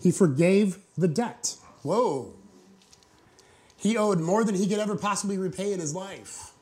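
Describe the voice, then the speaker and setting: A man with a high-pitched, mellow voice speaks a little slowly as he preaches a sermon to a live congregation in church. He retells a parable in a conversational, joking way, acting out the quotes.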